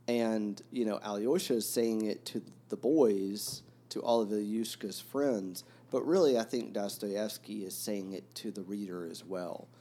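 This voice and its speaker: A man hosting a podcast about a novel, talking reflectively and haltingly, with many fillers and restarts. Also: on the low side, dark tone. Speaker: podcast host discussing a novel. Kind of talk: reflective casual talk.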